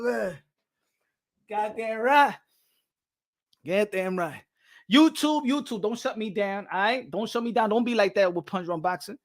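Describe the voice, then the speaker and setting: Animated, profane New York man. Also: sits high, normal speed, pauses often. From New York City. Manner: animated, profane, laughs often. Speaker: boxing channel host. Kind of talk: casual rant to camera.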